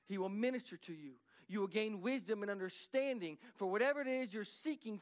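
A man with a notably high voice delivers a sermon in a church sanctuary. He talks earnestly and conversationally, his intensity climbing as he urges the congregation on. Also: fairly quick. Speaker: pastor.

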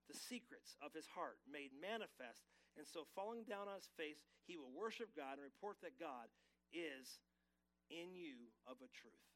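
A man preaching a Sunday sermon with a slightly high voice. He urges the congregation to answer him aloud and reads scripture with emphasis. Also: a bit bright, rough recording. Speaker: pastor. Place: church sanctuary.

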